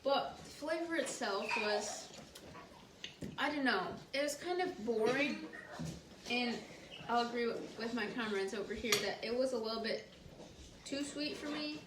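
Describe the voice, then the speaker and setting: A woman with a fairly high voice judges a home bake, gentle yet honest in her scoring. She is heard from a distance in an echoey room with clear noise behind. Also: a little slow, long pauses. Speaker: judge on a home baking show. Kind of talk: casual judging chat.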